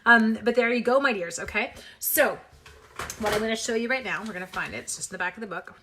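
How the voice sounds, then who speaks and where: A woman's voice: on the high side, fast talker, noisy background. A woman from Canada hosting a live papercraft demo, chatty and playful, greeting viewers by name and adding little sound effects. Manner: playful sound effects, self-mocking humor. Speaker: papercraft demonstrator hosting a livestream. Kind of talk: casual live crafting demo.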